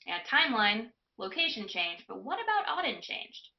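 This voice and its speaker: A woman's voice: a little high, very animated, moderate pace, creaky, highs cut off. A woman tutor reading a passage aloud in a live online class and stopping to put questions to her students. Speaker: test prep tutor.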